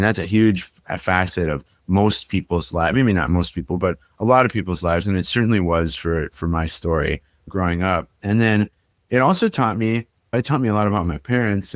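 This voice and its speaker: A young man with a very low, deep voice recounts his own past on a podcast, speaking reflectively and leaning on "like" and "you know." The sound is close and dry, with no room around it. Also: no echo. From Minnesota. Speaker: podcast guest. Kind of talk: personal storytelling in a podcast interview.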